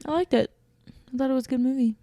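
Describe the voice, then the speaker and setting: A woman co-hosting a casual podcast, her voice a little hoarse and lower than usual after losing it recently. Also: quick pace, dark tone, no room sound, studio quality. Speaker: podcast co-host; dog obedience trainer. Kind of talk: casual chat.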